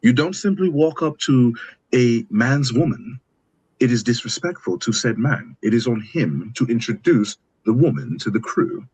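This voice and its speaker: A man's voice: medium pitch, expressive, normal speed, a little mellow, slightly rough, poor audio. A man with an African American accent from the East Coast, debating on a casual panel in emphatic, playful mock-formal phrasing. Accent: African American English. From East Coast of the United States.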